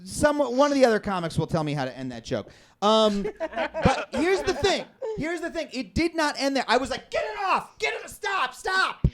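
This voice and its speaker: A man performing a stand-up comedy set on a club stage, telling a story with sudden shouted outbursts. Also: very high-pitched, very animated, moderate pace, crowd noise. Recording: live audience in a club.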